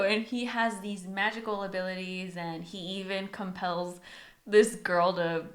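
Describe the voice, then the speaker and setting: A woman's voice: medium pitch, unhurried. A woman co-hosting a book podcast, retelling scenes in casual chat and acting out the characters' lines. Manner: animated, acts out characters' lines while retelling.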